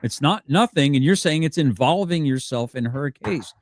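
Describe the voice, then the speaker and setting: A man's voice: a little high, animated, moderate pace, slight background noise. A man in a heated argument, exasperated and pressing his point.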